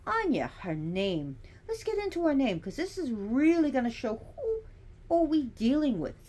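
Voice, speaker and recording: A woman's voice: high voice, huge pitch swings, normal speed, dark tone. A woman giving a casual teaching monologue, chatty and digressive, with sassy asides.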